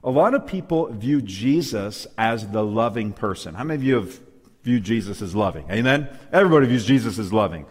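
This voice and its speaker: A man's voice: lowish voice, lively intonation, brisk, long reverb tail. A man preaching a Bible lesson to a live and online audience, emphatic, often asking for amens. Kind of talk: sermon-style Bible lesson. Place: church hall with local and online audience.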